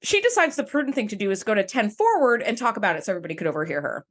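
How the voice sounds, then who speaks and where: A woman's voice: mid-range voice, racing. A woman co-hosting a podcast, recapping an episode in casual chat and acting out characters' lines. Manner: animated, profane, acts out characters' lines. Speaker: podcast co-host.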